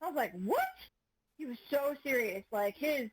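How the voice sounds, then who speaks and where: A woman at a tabletop game telling a lively, exasperated anecdote to her friends. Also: high voice, fairly quick, slightly rough, dry recording, poor audio. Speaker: player. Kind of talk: casual anecdote.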